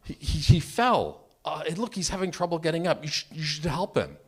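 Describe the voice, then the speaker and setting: A woman's voice: low-pitched, very animated, fairly quick, breathy edge, pitched above the performer's own voice, heavily acted. A man voicing his kind, worried wife, who sounds anxious and pleading.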